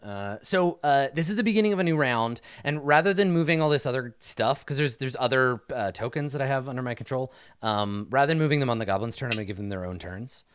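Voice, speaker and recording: A man's voice: mid-range voice, expressive, fast talker, hardly any pauses, clear, resonant tone. A man running a tabletop game as dungeon master, talking through rules and narrating what the enemies do. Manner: explains rulings and actions conversationally.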